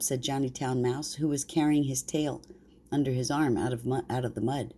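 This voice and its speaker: An older woman reading a bedtime story aloud to her grandchildren in a warm, unhurried way. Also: a bass voice, fairly even intonation, husky.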